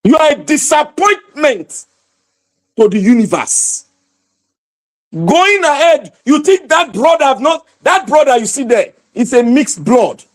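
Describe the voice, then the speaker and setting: A Nigerian man with a strikingly high-pitched voice, hosting a livestream and speaking straight to his viewers. He rants in a fervent, preachy way, breaking into loud shouts. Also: big pitch swings, unhurried. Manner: impassioned, preachy ranting with shouted outbursts. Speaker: livestream host. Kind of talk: livestream commentary.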